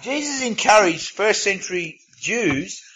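A man's voice: sits high, animated, measured pace, pushed and bright, husky, low-quality recording. A man preaching a sermon in a conversational way, reading scripture and adding casual asides. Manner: conversational, reads scripture aloud, self-aware asides.

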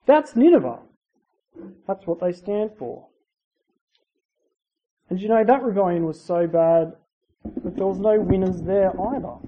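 In a conversational sermon, the preacher mixes in asides and rhetorical tag questions, alternating between loud emphasis and quiet, trailing phrase endings. The voice is medium in pitch, heard through a dull lo-fi recording with faint hiss.

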